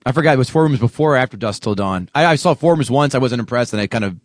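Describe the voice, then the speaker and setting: A man's voice: medium pitch, animated, very fast, dry recording. Easygoing male podcast co-host, conciliatory, casual swearer, dry close sound. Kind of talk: casual movie-review chat.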